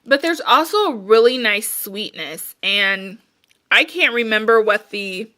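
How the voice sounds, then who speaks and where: A woman's voice: medium pitch, expressive, a little slow, sharp tone. A woman casually chatting through her candle reviews, rambling with plenty of fillers and sounding a little out of breath. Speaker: candle and wax melt reviewer. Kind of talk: casual chat.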